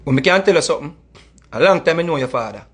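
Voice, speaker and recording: A man's voice: on the high side, animated, very fast, slightly rough. A middle-aged man with a Jamaican accent, delivering a heated, scolding monologue that mixes in Patois and repeats his points. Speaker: music commentator.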